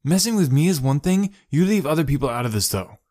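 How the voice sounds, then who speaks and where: A man's voice: mid-range voice, measured pace, a little mellow, no room sound, studio quality, pitched above the performer's own voice, lightly acted. A man voicing a harried young male student who is timid but protective. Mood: sharp.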